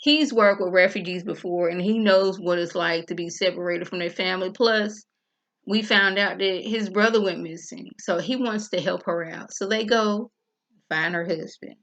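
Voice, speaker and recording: A woman's voice: lowish voice, steady tone, normal speed, fairly bright tone, lo-fi sound. A woman reviewing a TV episode in a casual, chatty vlog, talking straight to her viewers and acting out the characters' lines as she retells the scenes.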